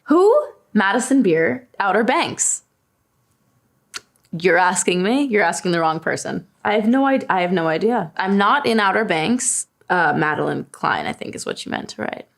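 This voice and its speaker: A woman's voice: medium pitch, lively intonation, normal speed, vocal fry, a bit bright. A woman in her twenties from Long Island, New York, chatting casually and answering questions about herself with a self-deprecating, laughing manner. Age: 20s. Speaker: singer answering fan search questions. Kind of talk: casual chat.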